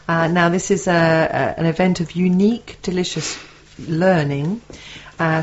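A woman's voice: lowish voice, a little mellow. A woman co-hosting a radio show, giggly and scattered as she stumbles through an email. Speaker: radio co-host. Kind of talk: chatty radio banter, reading listener emails. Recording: dull lo-fi radio recording.

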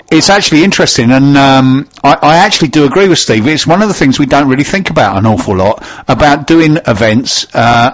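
A man hosting a live business radio show, trading quick teasing banter with his co-host. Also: medium pitch. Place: radio studio.

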